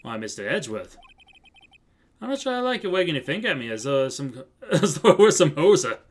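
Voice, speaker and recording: Reading a game aloud on a live stream, a man voices a stern older judge, putting on a wobbly Canadian accent and tacking "eh" onto his lines in a gruff, blustering way. His voice is a little high, sing-song and fairly quick.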